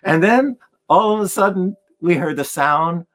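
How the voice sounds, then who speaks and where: A man telling stories in conversation as a guest musician, animated and acting out the voices of the people in them. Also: high voice, unhurried. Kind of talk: storytelling in a conversation.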